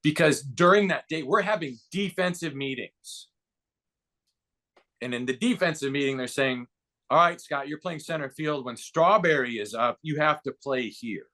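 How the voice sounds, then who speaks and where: Man in his 50s telling a lively story. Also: on the high side, moderate pace. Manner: lively anecdote-telling with voiced quotes and rising excitement. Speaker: podcast guest, baseball broadcaster and former player. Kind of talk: casual storytelling interview.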